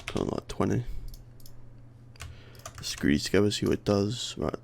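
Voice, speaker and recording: A young man with a lisp and a tired, worn voice, mumbling through a casual software tutorial while thinking aloud. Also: fairly low pitch, expressive, moderate pace, vocal fry. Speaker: tutorial host. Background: keyboard clicks and typing.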